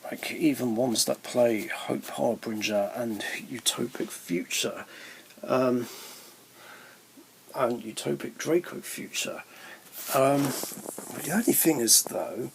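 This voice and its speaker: A man's voice: medium pitch, slow, creaky, pauses often, a little hiss or hum, rough recording. A man, a card game YouTuber, walking through his deck in a casual, rambling way, with many ums and mid-sentence corrections. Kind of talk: casual deck profile walkthrough.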